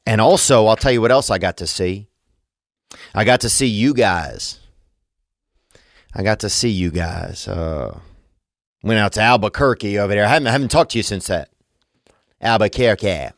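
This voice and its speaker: A man's voice: fairly low pitch, animated, normal speed, pauses often, no room sound, clean studio sound. A man hosting a podcast, rambling through a comedic monologue full of absurd wordplay and meandering asides. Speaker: podcast host.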